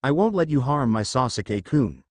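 A man's voice: mid-range voice, big pitch swings, moderate pace, dry recording, lightly acted. A man voicing a defiant young kunoichi girl, indignant and snappy.

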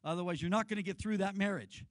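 High-voiced lively pastor preaching. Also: male voice, quick pace, no echo, low-quality recording. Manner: lively storyteller, leads the congregation in call-and-response. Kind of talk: sermon.

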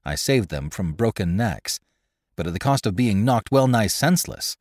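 A man narrating a classic adventure story in a scripted, expressive reading. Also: on the low side, moderate pace, no room sound, studio quality. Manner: expressive, lively reading with character voices. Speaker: narrator and host.

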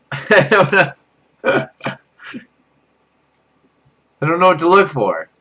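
A man's voice: big pitch swings, slow, bright, forceful tone. A young man streaming a horror game live, panicking, laughing nervously and repeating himself as he reads chat aloud. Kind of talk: live gameplay commentary. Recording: dull low-quality mic.

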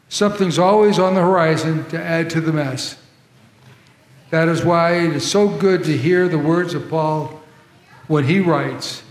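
A male pastor preaching a sermon in a church, conversational, with asides to the congregation. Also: fairly high pitch. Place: large church sanctuary. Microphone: troublesome handheld or body mic. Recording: echoey church hall with long reverb.

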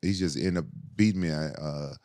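A man's voice: extremely low pitch, fairly quick. A middle-aged man, a fighter guest, telling stories in casual chat with lots of swearing. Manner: animated, profane storytelling.

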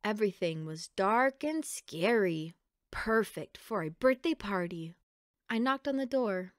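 Slow, gentle woman reading a storybook. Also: mid-range voice, lively intonation, no room sound, clean studio sound. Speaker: storybook reader. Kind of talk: children's picture book read-aloud.

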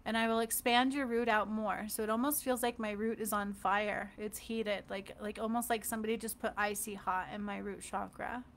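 A woman energy healer leading a guided healing meditation, talking softly and loosely with fillers and gentle check-ins. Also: medium pitch, little pitch movement, normal speed, few pauses, slight background noise.

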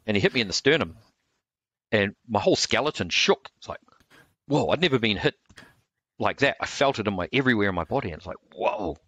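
A man tells stories at an easy, rambling pace. He stops and restarts often, with plenty of fillers. His voice sits low, and the sound is dry with almost no room echo. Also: animated, fairly quick, fairly bright tone. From New Zealand. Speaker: martial arts instructor. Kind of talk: relaxed storytelling interview.

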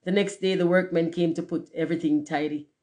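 A storyteller gives a storybook read-aloud in a steady, measured voice. The narration keeps an even storytelling pace between the characters' lines. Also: medium pitch.

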